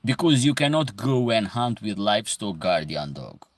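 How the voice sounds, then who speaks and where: A man's voice: lowish voice, sing-song, moderate pace, no room sound. A man from Epirus, hosting a casual livestream and explaining at length as he answers viewer questions from the chat.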